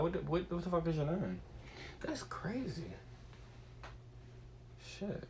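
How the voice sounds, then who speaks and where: A man's voice: mid-range voice, a little hiss or hum. A man streaming a casual, rambling monologue, cursing freely as he muses aloud. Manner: profane, animated and musing.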